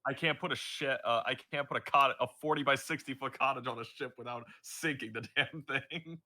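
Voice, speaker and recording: Man with a bright, forceful voice. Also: medium pitch, fairly quick. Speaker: player. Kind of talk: casual chat at a tabletop game.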